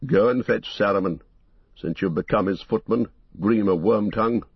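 A man's voice: on the low side, moderate pace, husky, no echo, highs cut off. A man voicing a stern, commanding old wizard in an audiobook reading. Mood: scornful. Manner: loud commanding calls.

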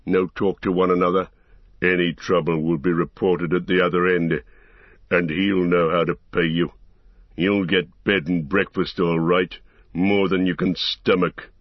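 A man's voice: low-pitched, flat delivery, unhurried, dry recording. A man voicing a brutal, commanding orc captain who growls out orders, in a dull, muffled recording. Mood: stern.

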